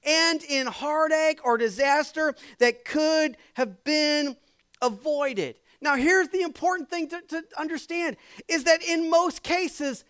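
High-voiced pastor preaching with lively swings. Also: male voice, slow. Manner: reads scripture then explains it in lively conversational asides. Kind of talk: sermon.

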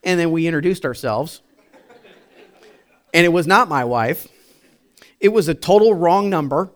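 A man preaching, who opens with a casual personal story full of fillers and restarts. His voice sits a little high for a man. He then builds to emphatic, repeated points. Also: animated, a little slow, pauses often. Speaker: pastor.

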